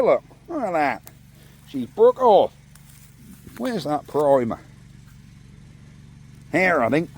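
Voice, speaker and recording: A man's voice: fairly high pitch, a little mellow. A man chatting cheerfully to viewers, recorded on a phone propped up in an outdoor yard. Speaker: vlogger. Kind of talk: casual chat to camera.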